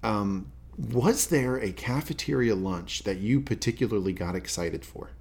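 A man co-hosting a casual show recap podcast, telling it with wry, animated asides. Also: on the low side, unhurried, vocal fry. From rural Southern US. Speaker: podcast co-host.

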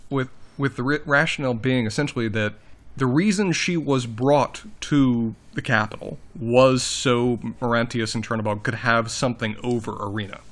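Male podcast co-host, mid pitch, chatty plot recapper, self-corrects. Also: normal speed. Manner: animated, self-correcting, summarizes plot at length. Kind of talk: casual book discussion.

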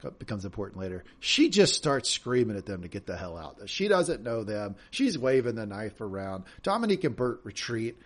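A man's voice: on the low side, fairly quick, hardly any pauses. A man co-hosting a podcast, chatting casually through a TV episode recap and often repeating words as he starts a thought. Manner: animated, repeats words when starting sentences. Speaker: podcast co-host.

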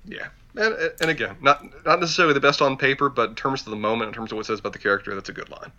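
A man's voice: medium pitch, racing, sharp tone. A man co-hosting a casual podcast, chatting and reading lines from a show aloud. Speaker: podcast co-host. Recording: dull lo-fi mic.

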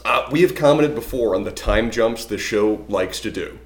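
A man's voice: lowish voice, lively intonation, moderate pace, roomy sound. A man co-hosting a casual podcast chat with a dry, teasing humor. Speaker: podcast co-host.

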